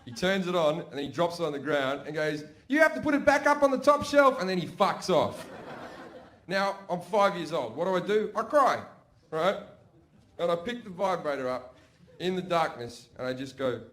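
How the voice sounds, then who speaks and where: A man's voice: fairly high pitch, animated, normal speed, fairly bright tone. A man doing brash, profane stand-up storytelling on stage. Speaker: stand-up comedian. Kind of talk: stand-up comedy. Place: comedy stage before a laughing audience.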